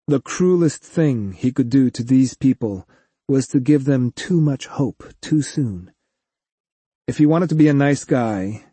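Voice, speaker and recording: Husky, mellow male audiobook narrator. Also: medium pitch, no echo. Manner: expressive storytelling. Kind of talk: scripted narration.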